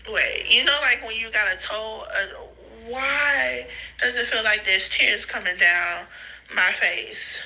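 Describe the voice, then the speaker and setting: A young woman recording rambling phone voice notes, giggly, profane and slangy, high and tearful, often breaking into laughing squeals. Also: takes it slowly, creaky, bright, forceful tone, low-quality recording. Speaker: podcaster sending voice notes. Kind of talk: rambling voice-note monologue. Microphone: phone voice memo.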